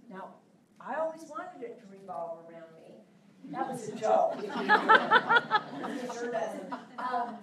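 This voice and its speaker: A woman's voice: a little high, very animated, unhurried, bright, forceful tone, a little hiss or hum. A woman giving a passionate live talk to an audience as a sales coach, emphatic and acting out conversations with clients. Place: large room before a live audience. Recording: echoey room, voice from far off.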